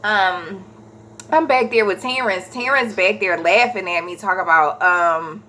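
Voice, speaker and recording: Brief: woman, 30s, vlogger storyteller; bright, lively telling, often stops to correct herself. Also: mid-range voice, normal speed. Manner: animated, acts out quoted voices, corrects herself mid-story. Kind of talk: casual storytelling.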